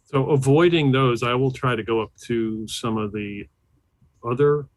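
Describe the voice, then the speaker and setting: A man taking part as a player in a tabletop game, speaking deliberately and reading out a rule. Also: mid-range voice, rough recording. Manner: deliberate, reads rules aloud.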